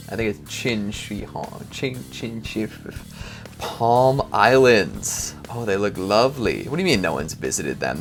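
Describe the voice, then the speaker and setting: Joking and ribbing himself, the male host of a countdown video channel rambles through casual outro and blooper talk, recorded in his bedroom at home on a lavalier microphone. His voice is on the low side with a fairly bright tone.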